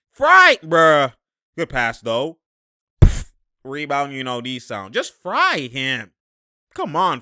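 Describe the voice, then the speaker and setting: A young man talking casually and excitably as he reacts to basketball footage, laughing and using slang. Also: fairly high pitch, dry recording, studio quality. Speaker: sports commentator reacting to game footage. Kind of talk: casual live game reaction.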